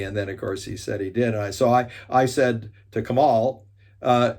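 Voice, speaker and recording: A man in the middle of a spoken talk, telling a story and acting out the quoted dialogue with animated energy. His pitch sits in an ordinary middle range, and he often stumbles into restarts and fillers as he goes. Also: normal speed. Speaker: speaker and leadership teacher.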